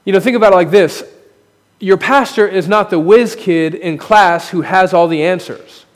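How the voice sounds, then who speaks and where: A man's voice: high-pitched, moderate pace. A male pastor preaching a sermon at a podium microphone, candid and self-deprecating, his emphasis rising and falling. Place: church sanctuary. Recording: long hall reverb.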